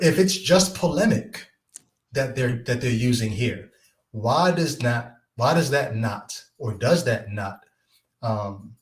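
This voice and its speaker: Male podcast host, reflective questioner, echoey room. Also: medium pitch. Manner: reflective, asks long thoughtful questions. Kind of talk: casual podcast interview.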